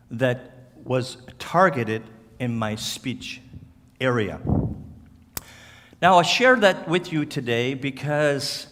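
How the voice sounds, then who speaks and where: A man from Cape Breton Island with a Cape Breton accent, speaking as a guest at church in a slow, halting way, with slurred words and restarts. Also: medium pitch, fairly bright tone. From Cape Breton Island, Canada. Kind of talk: church talk to a congregation. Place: church hall. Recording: church hall reverb.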